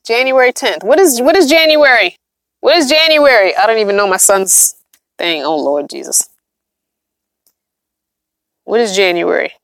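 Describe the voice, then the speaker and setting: Tired and yawning, a middle-aged woman chats casually with viewers on the livestream she hosts as a vlogger. She talks at a medium pitch, emphatic and chatty, often repeating herself, in clean studio sound with no room echo.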